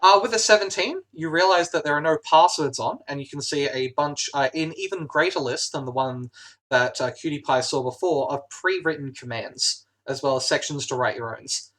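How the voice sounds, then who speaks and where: Hesitant game master narrating a tabletop game. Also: male voice, fairly high pitch, normal speed, fairly bright tone. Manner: hesitant, many "uh" fillers.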